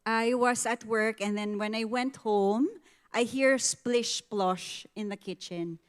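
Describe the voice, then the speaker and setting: A woman's voice: on the high side, slow pace, clean tone. A middle-aged woman with a Filipino accent, giving a conversational sermon testimony at a women's ministry, telling stories vividly, slipping into Tagalog and acting out what people said. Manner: animated storytelling, switching into Tagalog, acting out quotes.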